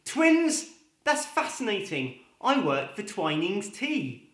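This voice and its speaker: A man voicing startled new fathers who squeak in astonishment. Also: wildly swooping pitch, slow, a bit bright, heavily acted. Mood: astonished. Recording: roomy echo.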